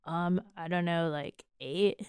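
A woman's voice: on the low side, fairly even intonation, slow pace, darkish tone, clean tone, no echo, studio quality. A woman playing a blunt, mocking teenage girl in an improvised comedy scene, drawing out her words in disgust. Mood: sassy. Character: sassy, picky teenage girl who acts tough.

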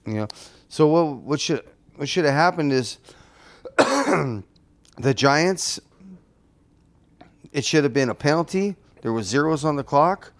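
A man's voice: a little high, big pitch swings, slow pace, long pauses. A man co-hosting a podcast, talking bluntly and heatedly about football with heavy swearing. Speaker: podcast co-host. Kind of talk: casual chat.

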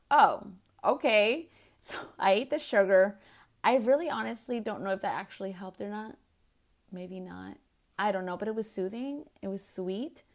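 A woman podcast host and health coach, telling a personal story in a chatty, laughing way and mixing Spanish words into her English. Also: medium pitch. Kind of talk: casual storytelling.

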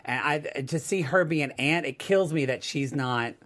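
Rambling, animated man recapping a TV show. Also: a little high, moderate pace. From United States. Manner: rambling, animated, acts out quotes in a drawl. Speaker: co-host. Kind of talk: casual TV recap chat.

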